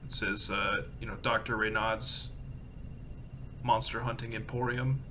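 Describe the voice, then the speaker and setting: A man's voice: on the low side, flat delivery, unhurried, bright, forceful tone, slight background noise. A man running a tabletop game as game master, narrating in a loose, casual, descriptive way.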